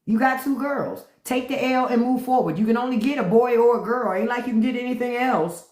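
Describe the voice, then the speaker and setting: A middle-aged woman hosting a live stream, chatting with viewers in a blunt, profane, animated way. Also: on the high side, brisk, roomy sound.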